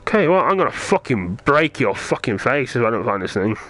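A man's voice: medium pitch, big pitch swings, a little fast, a bit bright, soft background music. A man playing a video game who keeps muttering and swearing in frustration as he searches for something. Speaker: gamer playing through a VR game. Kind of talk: angry gameplay commentary.

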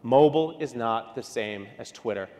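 A man from New York giving a conference keynote talk, telling stories with quick asides and acting out what people said. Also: mid-range voice. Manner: animated, storytelling with quick asides and acted-out quotes. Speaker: keynote speaker. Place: large hall. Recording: long hall reverb.

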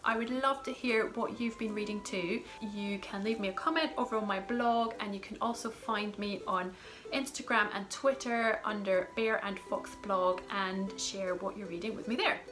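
A woman's voice: medium pitch, steady tone, moderate pace, a bit bright, poor audio. A woman in her thirties, a children's book blogger, chatting casually about favourite rhyming books and reading bits aloud with playful emphasis, with music playing over her voice.

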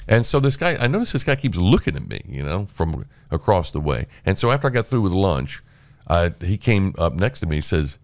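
A man's voice: low-pitched, fairly quick, dry recording. An older man, a veteran radio host, telling stories in casual chat and acting out the voices of the people in them. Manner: animated storyteller acting out quoted voices. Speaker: radio host and podcast guest.

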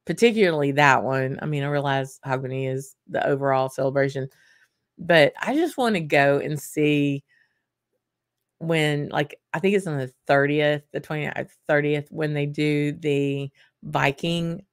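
A woman's voice: sits low, a little slow, dry recording, studio quality. A middle-aged woman hosts a casual whisky livestream, chatty, laughing often and restarting her sentences. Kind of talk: casual chat reading viewer comments.

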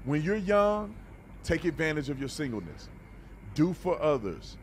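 A man with a slightly high voice gives casual reaction commentary, blunt and preachy, stumbling over repeated words. Faint ambient noise sits behind him. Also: very animated, measured pace. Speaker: reaction video host.

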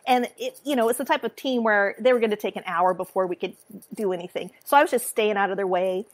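A woman guest author with a sing-song way of talking, telling a story in an animated, chatty way. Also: mid-range voice, fast talker. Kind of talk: casual chat.

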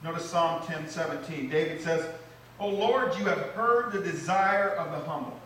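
A male pastor delivers a lively sermon, his voice climbing and getting loud on repeated phrases, then sinking low to drive a point home. His tone is bright and a little sharp. The recording sounds like a large, echoey church, picked up from some distance off. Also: normal speed, slight background noise. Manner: animated preaching, rising loud on repeated phrases, dropping low for emphasis. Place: church sanctuary.

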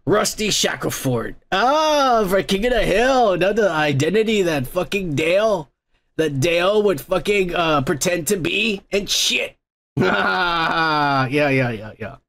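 A man's voice: sits high, animated, slow pace, vocal fry, fairly bright tone. A man hosting a comedy podcast, reading out viewer comments in a crude, rambling way full of profanity and mocking asides.

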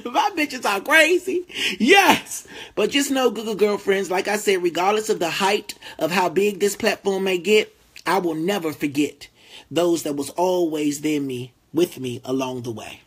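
A man talking to his fans in a casual, heartfelt vlog, animated, profane and emotional, drawing out his thanks slowly. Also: slightly rough. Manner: drawls slow heartfelt thanks, then bursts high and loud. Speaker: vlogger addressing fans.

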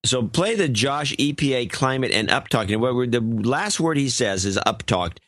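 A man's voice: medium pitch, expressive, moderate pace, a bit bright, dry recording, studio quality. An older man co-hosting a talk podcast in casual chat, grumbling and sarcastic. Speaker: co-host.

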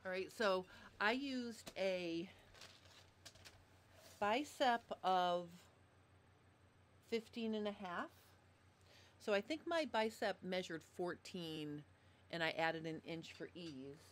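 Her voice lowish and her pace slow with frequent pauses, a woman teaches sewing on a live stream from a desk mic, walking through the steps in a chatty way. She says sorry for the audio problems. A bit of background noise can be heard.

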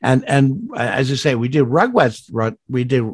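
An older man, a voice actor, chatting in an interview and telling rambling stories with many restarts and sudden jumps up in pitch. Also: big pitch swings, normal speed, breathy edge, dry recording, studio quality. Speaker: guest voice actor. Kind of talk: casual interview chat.

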